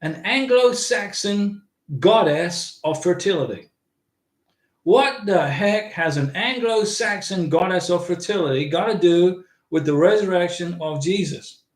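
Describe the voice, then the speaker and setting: A man's voice: high-pitched, a little slow, reverberant. A man hosting a casual livestream, rambling and answering viewers' chat comments. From United States. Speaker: livestream host.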